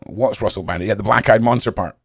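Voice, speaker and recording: A Scottish man hosting a live stream, chatting casually with his viewers in a blunt, animated way and swearing constantly. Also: lowish voice, fast, vocal fry, husky, dry recording, studio quality. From Scotland. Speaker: live-stream host reading chat. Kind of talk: casual rambling chat.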